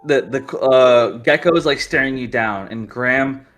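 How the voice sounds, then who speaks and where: Acting as game master for a tabletop game, a man narrates and rambles with plenty of fillers. His voice is medium in pitch and fairly bright, moving at a moderate pace over soft background music.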